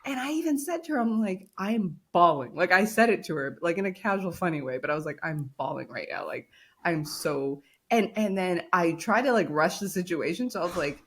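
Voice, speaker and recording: A woman's voice: fairly low pitch, quick pace, hardly any pauses, slightly rough. A woman co-hosting a podcast, telling a story in casual chat and acting out the quotes. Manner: animated storytelling, acts out quotes. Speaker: podcast co-host.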